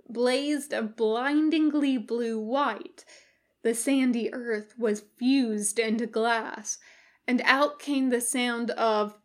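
A woman reading fan fiction aloud as a podfic narrator, in an even storytelling manner. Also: a little high. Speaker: podfic reader.

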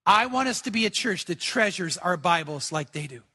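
A man's voice: high voice, lively intonation, moderate pace, bright, forceful tone, slightly rough. An older man preaching a sermon to a congregation in a church, fervent and emphatic, repeating key phrases. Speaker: pastor. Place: church sanctuary before a congregation.

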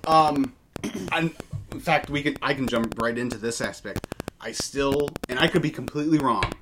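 A man's voice: mid-range voice, moderate pace, noisy background. A man co-hosting a casual wrestling news podcast, talking with many fillers and false starts. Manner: hesitant, many fillers and restarts. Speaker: podcast co-host.

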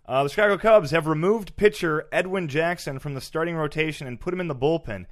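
Deadpan male comedy podcast host. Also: on the high side, fairly quick. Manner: dry, deadpan delivery of joke news items.

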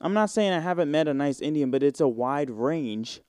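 A man's voice: on the high side, lively intonation, normal speed, a little mellow, clear, resonant tone, no room sound, studio quality. A man in his twenties hosting a casual solo podcast, rambling in slang with plenty of fillers and swearing. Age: 20s. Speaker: podcast host.

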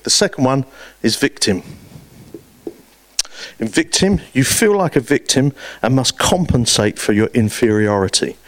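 A man preaching a sermon, telling stories with lively swings between loud and hushed delivery. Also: mid-range voice, no echo.

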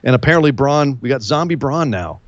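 A man co-hosting a casual wrestling recap chat, telling the story with lively quoted voices. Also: medium pitch, brisk, dry recording, dull audio. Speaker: podcast co-host.

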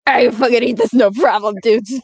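A woman's voice: a little high, steady tone, fairly quick, darkish tone, breathy edge, no room sound. A young woman playing a tabletop game with friends, rambling and giggling, swearing casually. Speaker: player. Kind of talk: tabletop role-play, in character and out.

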